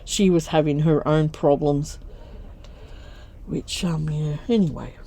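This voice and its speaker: A woman's voice: low voice, slow pace, dark tone. An older woman, chatting candidly while she sews for her craft vlog, laughing often. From Australia. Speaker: craft vlogger. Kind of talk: casual chat while sewing.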